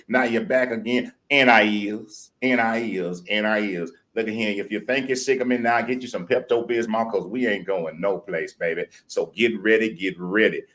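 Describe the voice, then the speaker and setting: A man from Louisiana, hosting a live stream show in folksy country talk. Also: on the low side. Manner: hyped chanting intro, drawn-out shouting. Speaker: podcast host.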